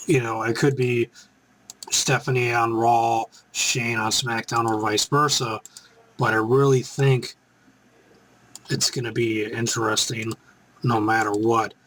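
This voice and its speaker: Excitable rambling man reacting live. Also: mid-range voice, takes it slowly, pauses often, slight background noise. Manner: excitable, rambling, breaks into chants. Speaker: live reaction show host.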